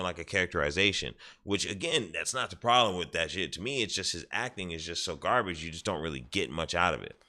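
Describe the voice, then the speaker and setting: A man's voice: low-pitched, pushed and bright. A man streaming, casually retelling a show's scenes with profanity and acted-out quotes. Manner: rambling, profane, acts out quotes. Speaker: gaming streamer. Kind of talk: casual recap of a show.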